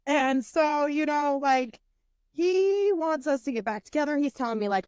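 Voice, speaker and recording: A woman in her twenties, co-hosting a podcast, telling a story in an animated, profane way with lots of fillers. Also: high voice, moderate pace, dry recording, clean studio sound. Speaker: podcast co-host. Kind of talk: casual storytelling chat.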